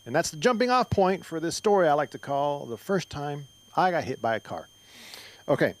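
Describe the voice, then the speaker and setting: A man's voice: on the high side, animated, normal speed, low-quality recording. A middle-aged man from Mexico doing a stand-up comedy set on a club stage, rambling through stories with lots of fillers and restarts. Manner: rambling, filler-heavy storytelling with frequent restarts.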